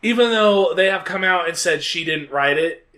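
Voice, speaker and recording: A man's voice: sits high, moderate pace, bright, forceful tone. Man rambling in casual podcast chat. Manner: rambling, with filler hesitations. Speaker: podcast co-host.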